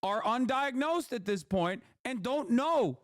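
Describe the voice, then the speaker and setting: A man delivering a heated, profane political commentary rant, often breaking into shouting. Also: very high voice, expressive, a little slow, dry recording, studio quality. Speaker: streamer being watched.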